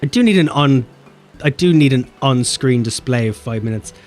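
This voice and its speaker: A man with an Irish accent, chatting playfully on a game live stream and jumping between deep and high voices. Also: lively intonation, normal speed, a little mellow, soft background music. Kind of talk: casual live-stream chat.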